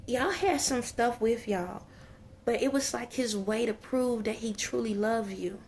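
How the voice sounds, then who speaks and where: A woman's voice: on the high side, dark tone, a little hiss or hum. A woman channeling spirit messages to viewers in an emotional, exclamatory way, often repeating phrases and dropping to whispers. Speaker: spiritual medium.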